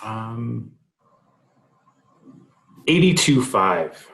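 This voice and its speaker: A man's voice: medium pitch, very animated, drawn-out words, creaky, a bit bright. A man guesting on a panel talk over a video call, hesitant as he thinks aloud. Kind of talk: casual panel chat. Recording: roomy video call sound.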